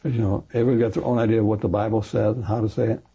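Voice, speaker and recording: Fast-talking older man with a gravelly, husky voice. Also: lowish voice. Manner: animated, acts out quoted voices; rambling, self-correcting. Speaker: retired pastor. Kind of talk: interview storytelling.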